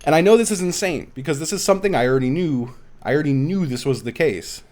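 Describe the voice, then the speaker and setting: A man's voice: fairly high pitch, quick pace. A man chatting casually on a live game stream, telling stories with lots of laughter. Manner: animated storytelling with frequent laughs. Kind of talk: casual live-stream chat while gaming.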